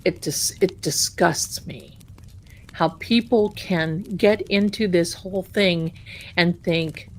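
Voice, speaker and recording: Slow-talking chatty American woman livestreamer. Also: lowish voice. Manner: slow, chatty, repeats herself, drops to a whisper. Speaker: livestream host. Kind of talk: casual livestream chat.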